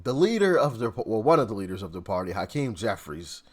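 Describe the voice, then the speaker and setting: A man's voice: fairly low pitch, big pitch swings, a little fast. A man hosting casual political reaction commentary, laughing and exasperated, talking in informal slang.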